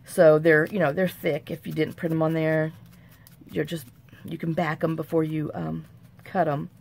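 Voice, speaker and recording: Gravelly, folksy woman crafting. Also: deep voice, little pitch movement, normal speed, darkish tone, slight background noise. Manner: rambling, folksy and self-mocking. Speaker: crafting tutorial host. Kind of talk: chatty crafting tutorial.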